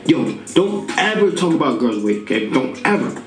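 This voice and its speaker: A fairly high-voiced man talks through dating tips with lively, swooping intonation, checking in with "okay?" and "right?" after his points. The room is echoey, and soft music runs underneath. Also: normal speed. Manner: animated, playful, keeps adding "okay?" and "right?". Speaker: dating advice YouTuber. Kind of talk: instructional talk to camera.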